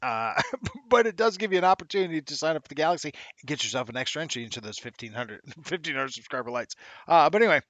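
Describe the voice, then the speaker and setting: A man's voice: fairly high pitch, animated, fast talker, fairly bright tone, no echo. A man hosting a casual livestream show, chatty and upbeat, laughing often and using slang. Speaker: live show host.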